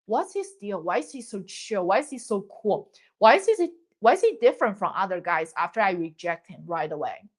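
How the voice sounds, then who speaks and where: A woman's voice: mid-range voice, very animated, fairly quick. Curious young woman, put on by a female streamer; own voice, questioning tone. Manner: wondering, questioning. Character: young woman curious about a calm man.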